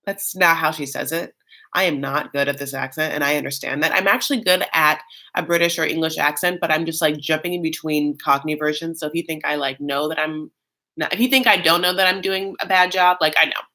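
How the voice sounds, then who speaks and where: A man's voice: a little high, brisk. A man hosting a live reaction show, chatting casually and animatedly with lots of fillers and campy, self-mocking asides. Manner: chatty and animated, many fillers, bursts of mock voices.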